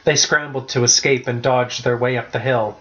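A man narrating a storybook chapter in the first person, reading steadily at an even pace. His voice sits at an ordinary middle pitch. The recording sounds slightly dull and lo-fi. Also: moderate pace. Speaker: audiobook narrator.

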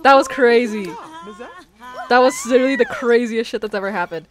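A woman giving excitable, foul-mouthed commentary on a life-sim game, squealing and shouting at what happens. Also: a little high, brisk. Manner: excitable, swears a lot, squeals and shouts in bursts. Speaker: gamer.

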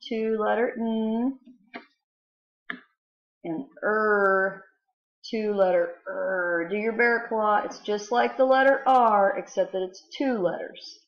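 A woman's voice: mid-range voice, takes it slowly. A woman teaching a spelling lesson to young children, patiently sounding out letters. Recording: roomy, dull lo-fi home recording.

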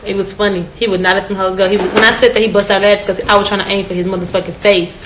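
A woman's voice: mid-range voice, little pitch movement, very fast. Brash, laughing young woman in an echoey room. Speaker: rapper telling stories. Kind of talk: casual chat. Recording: echoey room with faint noise.

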